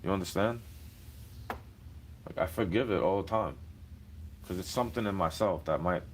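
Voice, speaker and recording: A man's voice: low-pitched, normal speed, noisy background. A man ranting to the camera in a heated, profane, rambling monologue.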